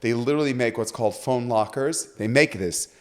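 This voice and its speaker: A man, a rabbi who is a guest on a podcast, telling stories in a lively way and acting out the voices of people he quotes. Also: mid-range voice, fairly quick. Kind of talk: animated storytelling in conversation.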